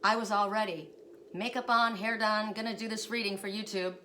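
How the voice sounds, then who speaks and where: A woman's voice: mid-range voice, fairly even intonation, fairly quick, pushed and bright, slight background noise. Emotional woman vlogger, rambling and earnest. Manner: emotional, rambling, tags sentences with "right?". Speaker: spiritual guidance storyteller. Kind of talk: casual storytelling vlog.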